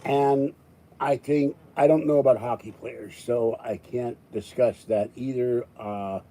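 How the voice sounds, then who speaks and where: A man's voice: medium pitch, steady tone, a little slow, warm tone, poor audio. An older man hosting a live stream, rambling to his chat and reading viewer comments, his voice rising in exasperation and then settling. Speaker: livestream host.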